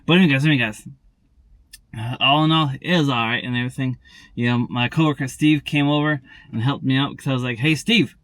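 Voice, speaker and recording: A man's voice: medium pitch, fast talker, a bit bright, no echo. A man chatting casually to viewers in a daily vlog. He rambles and repeats himself, constantly adding "and everything" and "tell you what.". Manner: talks straight to viewers, repeats words. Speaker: daily vlogger.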